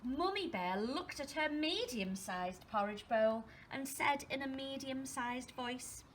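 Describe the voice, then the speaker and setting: Woman teacher, storybook reading to young children, slow pace, high voice, expressive, asks questions. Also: noisy background. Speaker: primary school teacher.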